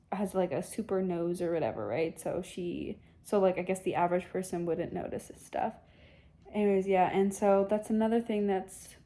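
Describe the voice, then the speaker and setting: A woman's voice: medium pitch, warm tone. A young woman casually summarizing and reviewing a book at home, chatty and sarcastic, with lots of filler words. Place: home with a cat nearby.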